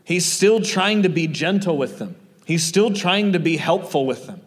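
Male preacher, earnest and chatty, slightly high voice, long hall reverb. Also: expressive, normal speed. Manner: earnest, conversational, many fillers. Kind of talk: sermon.

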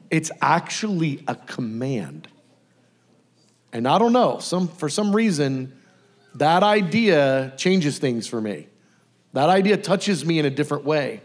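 A man giving a casual, conversational sermon, often acting out lively bits of dialogue. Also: mid-range voice. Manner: casual, animated, acts out dialogue. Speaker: preacher.

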